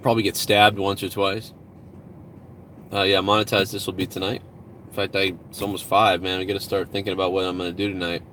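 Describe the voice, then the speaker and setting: A man's voice: sits low, flat delivery, a little fast, fairly bright tone, a little hiss or hum. A man hosting a casual live stream outdoors at home, talking loosely and profanely while reading out viewer donations. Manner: rambling, profane, reads out donations.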